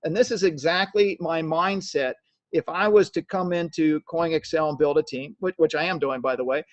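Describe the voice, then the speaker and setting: A network marketing trainer gives a live sales training talk at normal speed in a voice on the high side. He's emphatic and repetitive, often checking in with "okay?" The recording is dry, dull and lo-fi.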